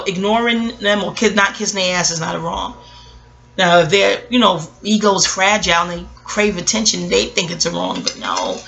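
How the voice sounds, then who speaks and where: A woman astrologer talking in a casual reflective monologue, rambling and digressive, blunt and quick to swear. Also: mid-range voice, fairly bright tone.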